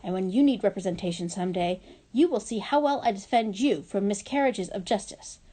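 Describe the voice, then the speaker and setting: A woman's voice: medium pitch, lively intonation, brisk, warm tone, close to an everyday voice. A woman reading aloud, voicing a confident seventh-grade girl who talks in a chirpy, formal, speech-like way. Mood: eager. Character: bubbly, self-assured seventh-grade girl, a student council president.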